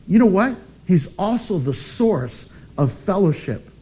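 A man preaching a sermon as pastor, emphatic and animated, with dramatic pauses. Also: high voice, breathy edge.

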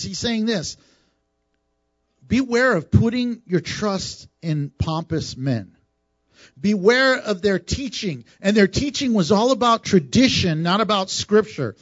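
A man preaching a sermon as a pastor, animated and teasing with the congregation. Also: sits high, no echo, dull audio. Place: church sanctuary.

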